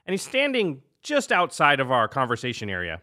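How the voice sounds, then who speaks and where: A podcast co-host with a medium-pitched voice tells a funny anecdote in casual chat at a fairly quick pace. He's a lively storyteller who laughs often and acts out the people he quotes.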